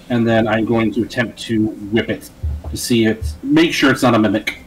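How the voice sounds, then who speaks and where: A man talking casually as a player in a tabletop game, eager and quick to swear. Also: lowish voice, fairly even intonation, slight background noise, low-quality recording.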